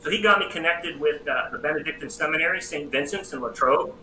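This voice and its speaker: A middle-aged American man, a priest and psychology professor, tells his story as an interview guest with lively, self-deprecating humor. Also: on the high side, fast talker. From United States. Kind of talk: personal testimony in a casual interview. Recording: roomy echo with faint background noise.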